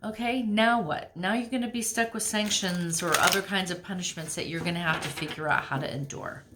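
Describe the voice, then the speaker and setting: A woman giving a casual tarot reading to camera in a chatty, animated way. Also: fairly low pitch, a little fast, background noise. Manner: chatty, animated, drops to near-whisper while shuffling. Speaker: tarot reader.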